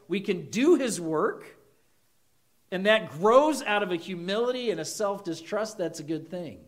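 A man delivering a sermon, his voice sitting fairly high for a man. He preaches earnestly, throwing questions at his listeners and slipping into short acted quotes. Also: lively intonation, measured pace. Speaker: pastor.

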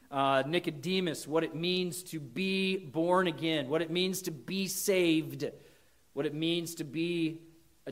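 A man preaching a sermon, earnest, reading scripture aloud and rising for emphasis. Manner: earnest, rises in pitch and volume for emphasis.

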